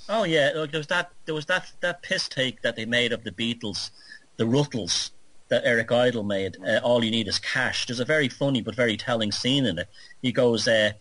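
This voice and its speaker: A man interviewing on talk radio, speaking in animated, critical, long run-on stretches. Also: medium pitch, normal speed, dry recording, low-quality recording.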